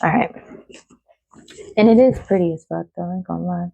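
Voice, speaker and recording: A woman talks through an oracle card reading in a relaxed, chatty way, with casual swearing and frequent laughter. Her voice is mellow and warm. The sound is dry and close to the mic. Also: on the low side, brisk, vocal fry, no room sound, highs cut off.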